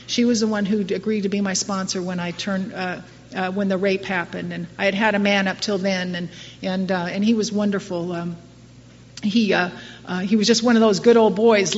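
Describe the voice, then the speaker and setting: A woman's voice: medium pitch, slight background noise. A middle-aged woman speaking to a recovery group in a wry, self-mocking, conversational way, with many restarts. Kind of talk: personal talk to a recovery group. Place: meeting hall. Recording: distant muffled hall recording.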